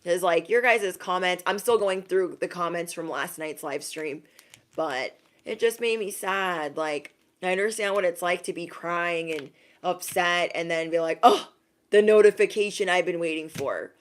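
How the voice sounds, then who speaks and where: On a livestream, a young woman working as an intuitive reader chats casually in a lowish voice at a moderate pace. She's animated, laughs often, and thanks viewers by name.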